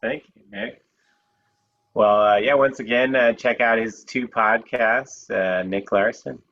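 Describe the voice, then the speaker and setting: A man hosting a comedy show, thanking a comic and introducing the music in a relaxed, brief way over a video call. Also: medium pitch, unhurried, dull audio. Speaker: show host. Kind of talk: wrapping up a show.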